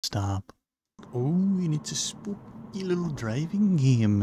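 A man's voice: fairly high pitch, big pitch swings, takes it slowly, warm tone, a little hiss or hum. A man doing horror game commentary, talking to himself with wry, joking asides. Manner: talks to himself, wry and jokey. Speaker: gaming channel host.

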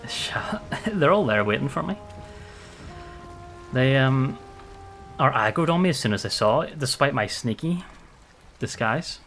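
A man's voice: mid-range voice, unhurried, long pauses, soft background music. A man streaming a survival game, talking casually to himself, swearing and jumpy as things go wrong. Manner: excitable, swears a lot, jumpy. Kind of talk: casual gameplay commentary.

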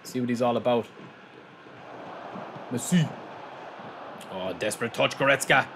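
A man hosting a gaming channel, giving excitable live commentary on his own match, shouting at the play and calling viewers lads. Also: mid-range voice, unhurried, creaky, background noise.

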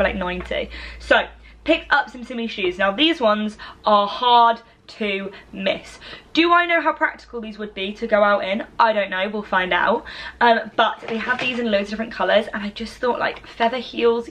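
A woman's voice: fairly high pitch, fairly bright tone, a little hiss or hum. A woman, chatting playfully through a dress try-on haul with lots of fillers. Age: 20s. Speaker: fashion vlogger. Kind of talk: casual try-on haul chat.

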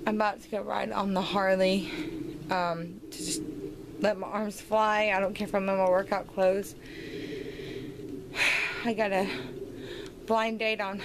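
A woman's voice: mid-range voice, level tone, unhurried, long pauses, background noise. A woman vlogging at home and in her yard, tipsy and slightly slurred from wine, rambling and venting her frustration. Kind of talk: casual vlog monologue.

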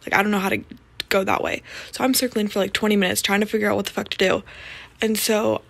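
Husky, creaky voice-over by a woman. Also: mid-range voice, steady tone, fast, a bit bright, no room sound. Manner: blunt, sweary, self-mocking. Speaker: vlogger. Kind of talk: casual voice-over recap.

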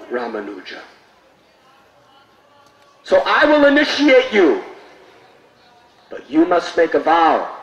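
A man's voice: a little high, fairly bright tone, pitched above the performer's own voice, full character voice. A man doing a solemn old guru in an echoing space. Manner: grave, emphatic, raised voice. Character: solemn elderly male guru conferring a secret. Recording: echoey, distant mic, faint noise.

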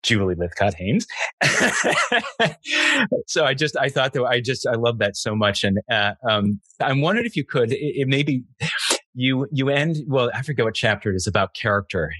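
A male interview host talks in a casual, halting way and often restarts his sentences. His voice sits at an average pitch for a man, recorded dry and close. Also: animated, dry recording. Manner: warm, halting, full of restarts and laughs. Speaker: podcast host.

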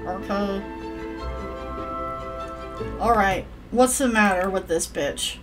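A young woman giving casual, profane commentary while playing a life-sim game, yelling at the characters and rambling. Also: mid-range voice, slow, long pauses, faint music behind. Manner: rambling, self-interrupting.

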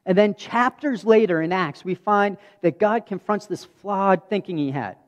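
High-voiced man preaching in a reverberant hall. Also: normal speed. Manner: earnest storytelling, acting out dialogue. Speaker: pastor. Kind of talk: sermon. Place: church sanctuary. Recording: dull audio with long hall reverb.

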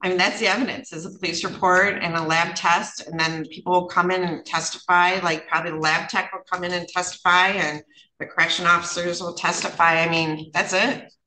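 A woman judge runs a court hearing in a lowish, sharp-toned voice, flat in delivery and a little fast. She speaks plainly and casually with frequent fillers, and the recording has roomy courtroom acoustics with faint noise.

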